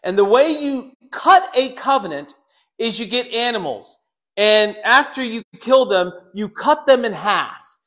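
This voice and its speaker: Animated high-voiced male preacher. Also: measured pace. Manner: animated, dramatizes quotes with put-on voices; talks directly to congregation members. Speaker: pastor. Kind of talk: sermon.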